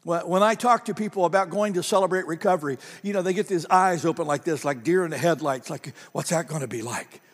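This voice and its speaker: A man's voice: high-pitched, quick pace, few pauses, big-room sound. A man pastor preaching a sermon in a conversational, storytelling manner, repeating key phrases for emphasis.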